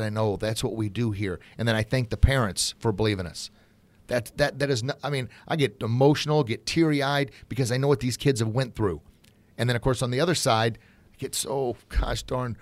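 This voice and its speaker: A middle-aged man talks into a close podcast mic with earnest conviction, his voice sitting at an ordinary middle pitch. The sound is dry and close. He speaks straight to his listeners as folks, pressing his point with feeling. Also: dry recording. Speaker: podcast host and martial arts academy owner. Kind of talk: passionate podcast talk.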